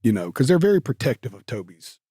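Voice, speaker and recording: A man's voice: medium pitch, sing-song, fast, mellow, husky, no echo. Man, casual storytelling, loose rambling talk, dry close mic. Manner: drawling Southern talk with many fillers. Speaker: guest.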